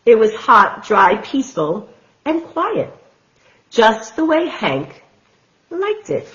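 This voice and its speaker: A woman reading a picture book aloud to small children in a gentle, sing-song way. She reads slowly, and her pitch rises and falls widely. The recording is slightly dull and lo-fi. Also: wildly swooping pitch, slight background noise. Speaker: children's storytime host.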